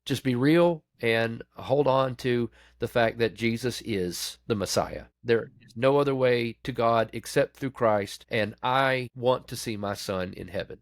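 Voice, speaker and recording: A man's voice: dry recording, studio quality. A man, a pastor, telling his story of grief and faith candidly in a podcast interview, in a plain conversational way. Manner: candid, conversational, acts out quoted voices; falls quiet and low when recounting grief.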